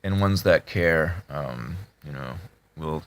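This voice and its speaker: A man talking casually to his subscribers, halting with many fillers and restarts, in a flat tone that can sound annoyed. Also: extremely low pitch. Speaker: video creator talking to subscribers. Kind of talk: casual confessional talk to camera.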